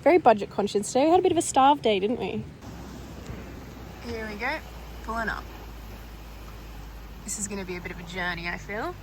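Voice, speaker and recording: A woman chatting casually to a handheld camera as a travel vlogger, upbeat and quick to laugh. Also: medium pitch, noisy background. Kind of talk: casual vlog chat.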